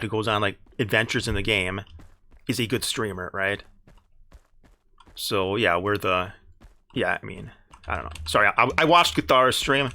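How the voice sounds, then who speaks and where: A man's voice: on the low side, gravelly, bright, forceful tone. An American man streaming a game live, rambling in casual talk full of restarts and "right?" asides, with an exasperated edge. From United States.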